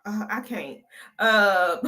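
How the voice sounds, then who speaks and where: A woman's voice: mid-range voice, drawn-out words, pushed and bright. A woman hosting a casual reaction commentary, chatty and gossipy, laughing often as she talks. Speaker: reaction channel host.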